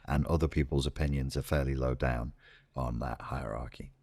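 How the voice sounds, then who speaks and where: A man's voice: rumbling low, steady tone, moderate pace, vocal fry, a little mellow, breathy edge, no echo, clean studio sound. A middle-aged man from Liverpool with a Scouse accent, speaking as a guest on a podcast interview in a blunt, profane way. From Liverpool, England. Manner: blunt, profane, acts out inner voices. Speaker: guest coach.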